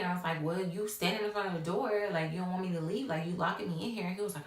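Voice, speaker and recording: A woman's voice: lowish voice, fast talker, hardly any pauses, far from the mic. A young woman telling a story on her vlog, casual and full of fillers, acting out what people said. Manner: casual, many fillers, acts out quotes. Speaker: vlogger. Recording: echoey room, off-mic.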